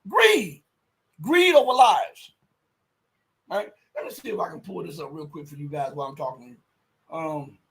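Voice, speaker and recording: A man hosting a livestream, giving casual political commentary in a rambling, emphatic way, breaking into loud outbursts and muttering while he searches online. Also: on the high side, fast, gravelly, low-quality recording. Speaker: livestream host.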